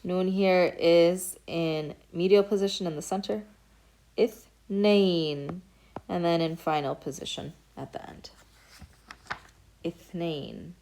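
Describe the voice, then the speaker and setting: A woman's voice: lowish voice, unhurried, dark tone. A woman teaching a recorded beginner Arabic lesson, explaining patiently step by step and saying each word aloud as an example. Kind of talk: recorded lecture.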